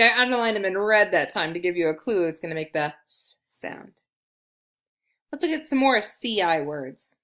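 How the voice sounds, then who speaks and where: Woman teacher talking slow n bouncy to little kids, lots of praise. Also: medium pitch, fairly bright tone. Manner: encouraging, speaks slowly and clearly to young learners. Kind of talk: early reading lesson for children.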